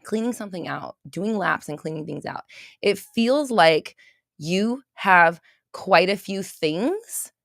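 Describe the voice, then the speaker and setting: A woman hosting a casual livestream and doing intuitive readings for her chat, rambling, swearing freely and breaking into loud laughter. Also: fairly low pitch, expressive, slow pace, creaky, no room sound, clean studio sound.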